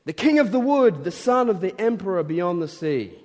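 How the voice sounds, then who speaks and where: A man voicing an excitable male talking beaver with a Yorkshire accent, speaking emphatically. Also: high voice, normal speed, pitched above the performer's own voice. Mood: proud. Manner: emphatic, insistent. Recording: long reverb in large hall.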